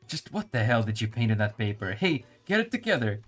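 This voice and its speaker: A man's voice: medium pitch, very animated, brisk, few pauses, faint music behind. A male streamer reading game dialogue and narration aloud, musing and stumbling over hard words.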